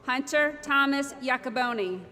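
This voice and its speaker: Name after name, a woman reads the graduates at a commencement over a podium microphone in a large hall, keeping a slow, measured pace. Her voice sits high and sounds animated. There's slight background noise, strong echo and loud crowd ambience.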